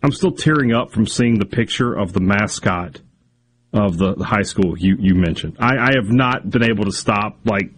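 A man's voice: lowish voice, normal speed, slight background noise. A man co-hosting a sports radio show, teasing and laughing in casual banter.

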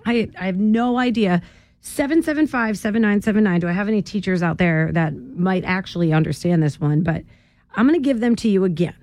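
A woman's voice: mid-range voice, expressive, fairly quick, a little mellow, no room sound. A woman hosting a morning radio show, chatting with listeners in a bubbly way and laughing often. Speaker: radio host. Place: radio studio.

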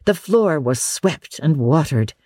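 An audiobook narrator giving a measured, expressive storybook reading in a dry studio booth. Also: medium pitch, no room sound.

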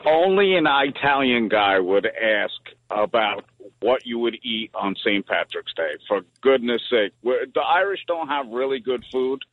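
A man's voice: mid-range voice, animated, measured pace. A man calling in to a radio show by phone, laid-back and good-humored. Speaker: caller. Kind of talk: phone-in chat. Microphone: phone line. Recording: tinny phone line with faint hiss.

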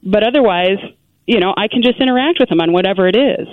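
A woman guest giving parenting advice in an earnest, animated conversational way, full of "you know" asides. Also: medium pitch, quick pace, no room sound. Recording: tinny phone-like line.

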